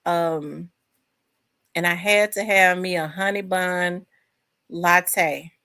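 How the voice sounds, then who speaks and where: A woman's voice: lowish voice, steady tone, slow, bright, forceful tone. A woman hosting a casual live chat from home, rambling and talking to her viewers. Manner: chatty, rambling, addresses viewers as y'all. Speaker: host.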